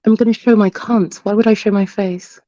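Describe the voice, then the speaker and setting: A woman with a posh English accent, chatting on a stream and pushing back indignantly with sharp comebacks. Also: medium pitch, steady tone, a little fast, no echo. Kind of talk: casual stream chat. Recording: dull lo-fi stream audio.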